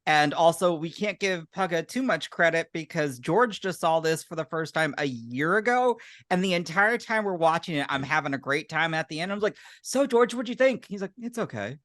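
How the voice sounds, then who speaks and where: A man's voice: a little high, lively intonation, fairly quick, few pauses, fairly bright tone, no room sound, clean studio sound. A young man co-hosting a podcast, chatty and joking, laughing often. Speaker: podcast co-host. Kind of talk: casual group chat.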